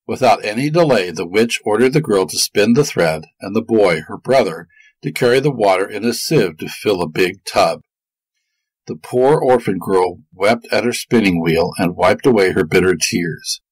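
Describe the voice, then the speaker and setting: Expressive husky-voiced male storyteller. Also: lowish voice, normal speed, no echo, poor audio. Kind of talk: folk tale narration.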